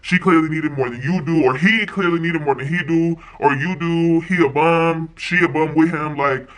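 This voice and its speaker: A woman voicing her young boyfriend as a calm, matter-of-fact, reassuring man who talks in slang, pitched lower than her own voice. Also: moderate pace, lightly acted.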